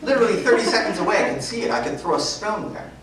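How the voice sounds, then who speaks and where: A woman telling a story in a sermon, acting out the dialogue in a lively, conversational way. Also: mid-range voice, quick pace, a loud crowd. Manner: animated, conversational, acts out dialogue. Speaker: preacher. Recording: echoey hall from far off, noisy.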